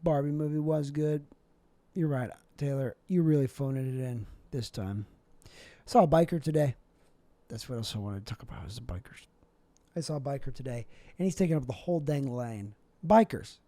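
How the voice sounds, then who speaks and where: Rambling deadpan young man, lively pitch. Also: fairly quick, no room sound. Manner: deadpan, rambling, absurd asides. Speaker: comedic vlogger. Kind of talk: rambling comedic monologue.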